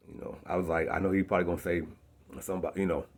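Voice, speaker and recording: A man's voice: low voice, quick pace, long pauses, darkish tone. A young man, a rapper, telling a casual story in street slang, often asking "you know what I'm saying". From South Bend, Indiana.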